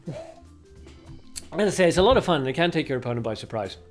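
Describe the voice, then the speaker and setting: A man's voice: fairly high pitch, big pitch swings, fairly quick. A man streaming a card game and chatting casually with his viewers. He thinks aloud and leans on lots of fillers as he plays. Faint game music runs underneath. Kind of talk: casual livestream commentary.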